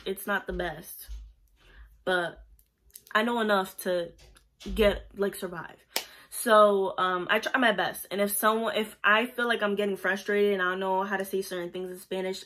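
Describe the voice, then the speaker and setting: A young Puerto Rican woman chats casually, vlog-style, about working as a pharmacy technician, rambling and using plenty of fillers. Her voice sits at medium pitch with fairly even intonation and a normal speed, and her tone is bright and forceful.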